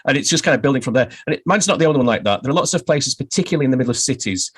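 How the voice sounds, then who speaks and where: A man's voice: mid-range voice, animated, racing, breathy edge. Middle-aged english guy, guest author, wry storyteller, laughs at himself. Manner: storytelling, wry, self-deprecating. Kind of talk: casual interview chat.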